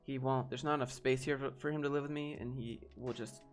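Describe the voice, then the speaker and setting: A young man, a guest, telling a frustrated, halting personal story in a casual way. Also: medium pitch, steady tone, faint music behind.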